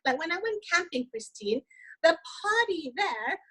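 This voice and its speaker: A woman coach with a notably high voice talks with lively enthusiasm as an interview guest. She leans on "like" and adds tag questions to draw the host in. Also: a little slow, poor audio. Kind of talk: casual interview chat.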